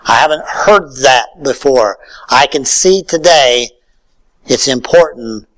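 A male pastor preaching a sermon in a folksy way, swinging from loud calls to near-whispered lines. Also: medium pitch, expressive, takes it slowly, poor audio.

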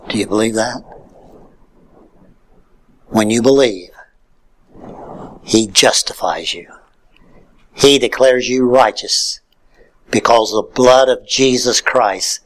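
A male pastor preaching a sermon in a folksy way, swinging from loud calls to near-whispered lines. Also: mid-range voice, slow, long pauses, low-quality recording.

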